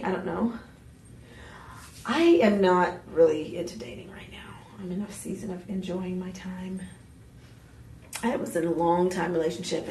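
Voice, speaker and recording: A woman hosting a live home shopping show, pitching jewelry in a chatty, exuberant way with playful asides. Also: a little mellow, a little hiss or hum. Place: TV shopping studio. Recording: roomy studio sound, mic at a distance.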